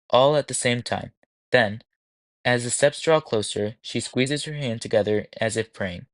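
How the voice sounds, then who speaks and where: A man reads a novel aloud in a measured, descriptive way. His voice sits at a middling pitch. The recording is close and dry, with no room sound. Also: fairly bright tone, no room sound. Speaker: audiobook narrator. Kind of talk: scripted audiobook narration.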